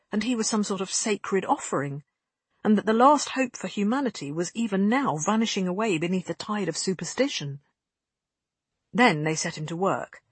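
An audiobook narrator reading a story in a measured, even way. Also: medium pitch, slightly rough, dry recording. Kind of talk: scripted narration.

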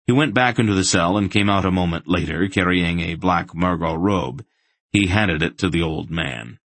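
A man narrating a fantasy audiobook in a steady, measured way. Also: deep voice, no room sound.

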